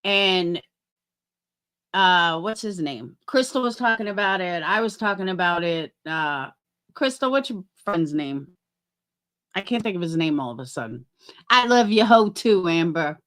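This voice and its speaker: A woman's voice: lowish voice, animated, unhurried, a bit bright. A middle-aged woman chatting on a livestream, rambling and swearing as she talks to her chat by name.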